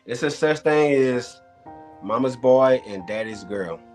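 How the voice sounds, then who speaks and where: A man's voice: mid-range voice, expressive, unhurried, a little mellow, faint music behind. A man arguing his point in a casual debate, emphatic and rambling, circling back over the same words. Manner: emphatic, rambling, repeats himself. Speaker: debate contestant.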